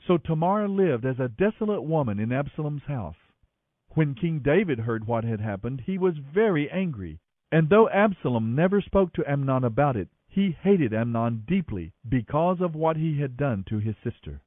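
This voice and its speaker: Expressive man reading scripture aloud. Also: a little high, moderate pace, dry recording. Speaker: Bible reader, podcast host. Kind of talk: scripted Bible narration. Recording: tinny phone-like audio, dry.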